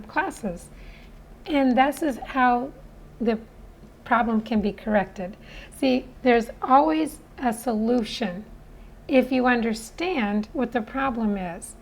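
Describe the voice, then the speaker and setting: Slow, earnest woman phonics teacher. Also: a little high, rough recording. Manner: earnest, persuasive. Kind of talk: spoken lesson.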